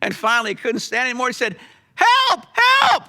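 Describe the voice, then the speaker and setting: A middle-aged pastor telling a story in a sermon, animated, with sudden drops to a hush. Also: male voice, very high-pitched, rapid-fire.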